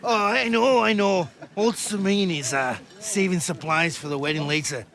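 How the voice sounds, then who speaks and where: An actor playing a rowdy drunken tavern thug, crude and taunting, in a video game. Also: male voice, high voice, moderate pace, gravelly, a bit bright.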